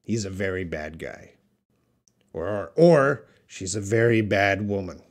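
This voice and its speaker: Slow, patient male English teacher. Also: low-pitched, expressive. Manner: slow, patient, explains with example sentences. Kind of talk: live-stream Q&A lesson.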